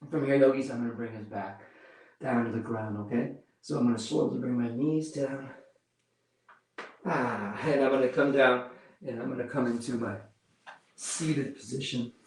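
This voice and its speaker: A man leading a yoga class, giving calm step-by-step cues while he demonstrates the poses and counts breaths. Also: medium pitch, normal speed, a little hiss or hum. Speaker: yoga instructor. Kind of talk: guided yoga class instruction. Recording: roomy echo, mic far off.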